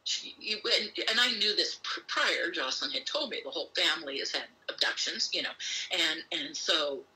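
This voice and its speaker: A woman guest recounting an experience in an interview, acting out what others said with sudden pitch jumps and many fillers, talking while pacing on a call. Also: animated, normal speed, bright, forceful tone, low-quality recording. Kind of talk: animated storytelling in an interview. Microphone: phone or remote call while pacing.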